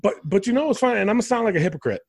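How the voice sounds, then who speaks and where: A man hosts a laid-back podcast chat in a fairly high, very lively voice that swings up and down. He talks loosely and swears freely. The sound is dry and close. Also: rapid-fire, breathy edge, dry recording. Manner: animated, swears, mimics commentators. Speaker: podcast host. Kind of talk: casual wrestling review chat.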